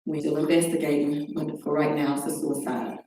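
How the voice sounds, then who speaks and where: A middle-aged woman with a low, mellow voice tells a personal story as a talk show guest. She acts out each phone call she recounts. She sounds distant from the mic in a very echoey room, with faint noise behind her. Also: fairly even intonation, brisk. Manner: recounts events by acting out quoted phone calls.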